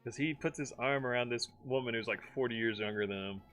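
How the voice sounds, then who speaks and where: Talking fast in a medium-pitched, slightly bright voice, a young Maryland streamer hosts a casual chat over soft background music. He tells stories, laughs a lot, and drops into playful impressions.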